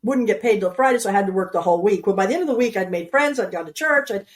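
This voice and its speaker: An outgoing woman in her sixties, originally from New York, chats as a podcast guest. She spins her stories freely and slips into quoted lines of dialogue along the way, at a middle pitch. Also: lively intonation, rapid-fire. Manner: outgoing, storytelling with quoted asides. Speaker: guest author. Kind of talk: casual conversation.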